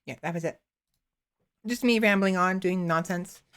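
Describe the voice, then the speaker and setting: A woman's voice: lowish voice, normal speed, fairly bright tone. A young woman streamer chatting casually, rambling with many fillers and restarts while playing around with her voice. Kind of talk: casual chat.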